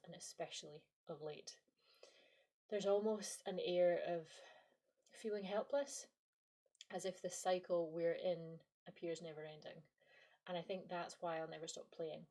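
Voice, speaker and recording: A woman's voice: fairly low pitch, warm tone. A Scottish woman in her late twenties or thirties, hosting a podcast with a reflective, playful, self-deprecating monologue. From Scottish Highlands. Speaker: podcast host and lecturer.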